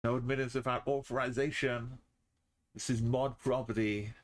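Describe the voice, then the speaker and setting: A man's voice: mid-range voice, fairly even intonation, normal speed. A man streaming a geography game, muttering and thinking aloud in casual commentary, sometimes humming to himself.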